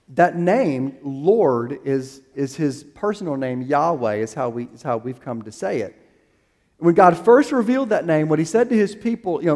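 Male pastor, high and lively delivery, emphatic preaching build, reverberant sanctuary sound. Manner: emphatic, rising to a preaching crescendo; restarts and fillers while finding the verse. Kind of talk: sermon.

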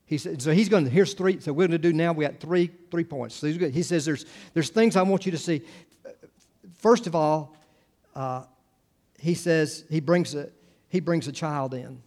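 A male pastor delivers a sermon in a casual, talky way. He often backtracks and restarts his sentences. His voice sits a little on the high side. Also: normal speed, a little mellow. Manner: conversational, full of restarts and asides.

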